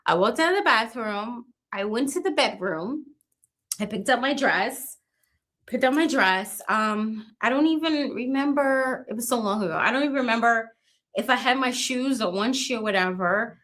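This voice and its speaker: A woman in her fifties tells a painful personal story in an interview. Her voice sits a little high. She talks haltingly, restarts her sentences and keeps adding small tags. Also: animated, fairly bright tone. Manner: halting, restarts and repeats "you know what I mean". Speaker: interview guest. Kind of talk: emotional personal account.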